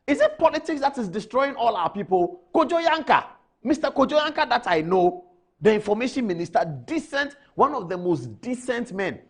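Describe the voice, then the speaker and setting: A man's voice: very high voice, sing-song, normal speed. A man with a Ghanaian English accent giving emphatic studio commentary as a TV news anchor, addressing people directly.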